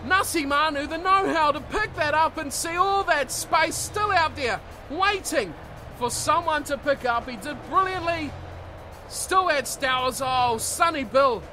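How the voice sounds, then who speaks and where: Very high-pitched male game commentator. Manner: surges into shouting on big plays, calmer in analysis. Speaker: rugby commentator. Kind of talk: video game play-by-play commentary. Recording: game commentary over loud music.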